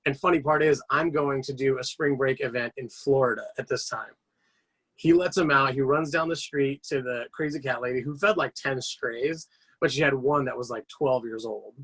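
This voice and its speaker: This podcast guest is a man with a slightly rough, medium-pitched voice and a moderate pace. In casual storytelling chat, he spins long, animated, rambling anecdotes, stopping to restart and leaning heavily on fillers.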